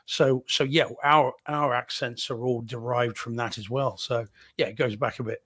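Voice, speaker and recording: Husky New Zealand-born co-host. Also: male voice, mid-range voice, steady tone, moderate pace, a bit bright, no echo, studio quality. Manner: chatty, laughs between points. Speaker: podcast co-host. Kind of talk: casual live-stream chat.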